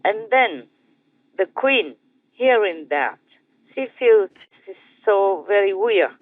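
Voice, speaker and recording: A man with an Indonesian accent, a spiritual master telling a teaching story in a gentle, repetitive way with soft chuckles. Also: high-pitched, animated, slow, no room sound. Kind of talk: storytelling dharma talk. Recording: tinny phone-like dry sound.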